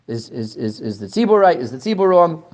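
Animated man teaching a class. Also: a little high, a little fast. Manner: animated, repeats words, asks questions. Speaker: Torah teacher. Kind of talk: lecture to a class.

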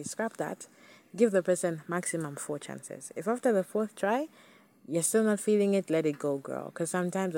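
A woman's voice: deep voice, mellow. A young woman hosting a podcast, talking candidly and chattily to her listeners. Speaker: podcast host. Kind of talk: casual solo podcast talk.

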